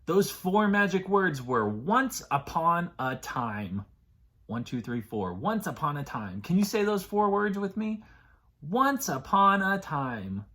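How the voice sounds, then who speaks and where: Animated man reading to preschoolers. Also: mid-range voice. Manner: animated, sing-song reading to small children. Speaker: children's librarian. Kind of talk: preschool story time reading.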